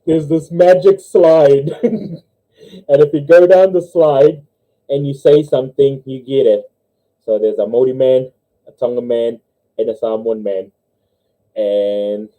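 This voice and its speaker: A young man with a New Zealand accent, hosting a casual livestream, telling jokes and stories, giggling often and squeaking when he voices characters. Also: dark tone. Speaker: livestream host. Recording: dull lo-fi livestream audio.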